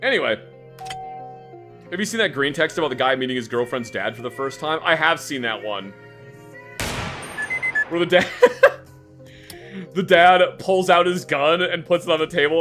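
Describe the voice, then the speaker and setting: A man streaming a game, telling a story in a casual, animated way, acting out the scene, swearing and repeating words. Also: fairly high pitch, moderate pace, long pauses, music in the background.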